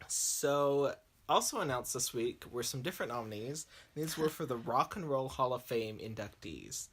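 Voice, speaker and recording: Guy cohosting a pop news podcast, super animated up-and-down voice, says like a lot. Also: mid-range voice, normal speed, husky. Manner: chatty, heavy use of "like", laughs at himself. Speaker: podcast co-host. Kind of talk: casual news chat.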